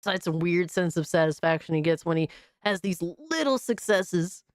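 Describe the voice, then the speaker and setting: A woman's voice: fairly low pitch, expressive, normal speed, no room sound, clean studio sound. Mocking profane woman streamer. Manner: mocking, profane, laughs at the clip. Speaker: streamer host reacting to a video. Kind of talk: casual reaction commentary.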